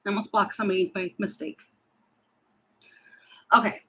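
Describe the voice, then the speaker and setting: A woman's voice: mid-range voice, normal speed, pushed and bright, poor audio. A woman giving tarot readings on a live stream, chatty and apologetic, thinking aloud as she goes. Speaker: tarot reader.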